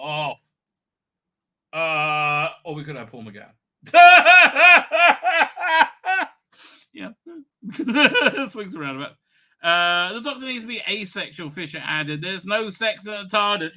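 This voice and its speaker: A man's voice: fairly high pitch, pushed and bright. A man hosting a live stream, swearing and jeering through sarcastic commentary. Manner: crude, mocking, swears a lot, breaks into jeering voices. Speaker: livestream host.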